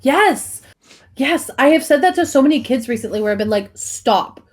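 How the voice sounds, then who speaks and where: Lively excitable woman co-host. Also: high-pitched, fairly quick. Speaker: podcast co-host, teacher. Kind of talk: casual chat.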